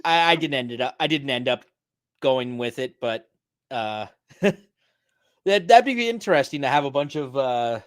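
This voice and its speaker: A man's voice: medium pitch, lively intonation, unhurried, pauses often, smooth, no room sound. Dry-humored Canadian man. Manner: dry, self-deprecating humor. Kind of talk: casual chat.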